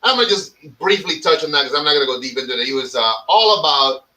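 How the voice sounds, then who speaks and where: A man hosting a podcast in casual, profane chat, animated and mock-dramatic, swearing freely. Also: fairly high pitch, fast, recorded from a distance, rough recording. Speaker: podcast host.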